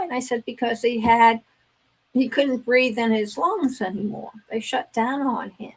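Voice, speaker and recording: A woman's voice: on the high side, steady tone, a little slow, vocal fry, rough recording. An older woman, a grandmother, speaks as a guest on a talk radio show, telling stories earnestly and acting out the conversations in them. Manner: earnest storytelling, acts out dialogue.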